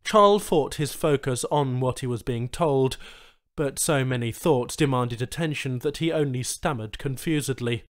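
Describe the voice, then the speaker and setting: Reading a science fiction short story aloud, this male audiobook narrator speaks at medium pitch and a moderate pace. The scripted narration is told expressively.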